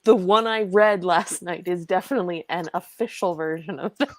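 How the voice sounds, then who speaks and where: A woman's voice: lowish voice, normal speed, no echo. A woman co-hosting a casual podcast chat, dry and playful. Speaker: podcast co-host.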